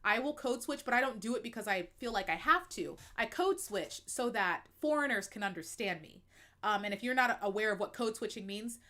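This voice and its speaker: American woman, stream host; frank, expressive, laughs a lot, easy chatty delivery. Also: a little high, a little fast. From United States. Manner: frank, expressive, laughs often, uses fillers like um and like. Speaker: livestream host. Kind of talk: candid personal chat to viewers.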